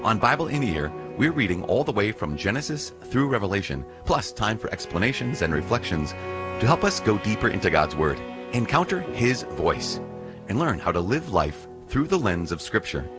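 A priest records a radio promotion. His voice is lowish, with a lively melody to it. He sounds inviting. Music plays clearly underneath. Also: normal speed. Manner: inviting, friendly.

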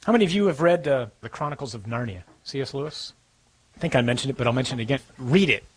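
A man giving a sermon in a conversational, storytelling way, slowing down for dramatic moments. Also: mid-range voice, lively intonation, slightly rough, low-quality recording. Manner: conversational preaching, storytelling with slow dramatic pauses.

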